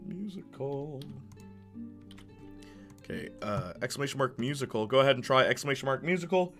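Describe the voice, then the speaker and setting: Forceful, bright-voiced streamer man. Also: medium pitch, expressive, faint music behind. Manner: sarcastic, joking, quick banter with chat. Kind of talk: casual livestream chat, reading chat aloud.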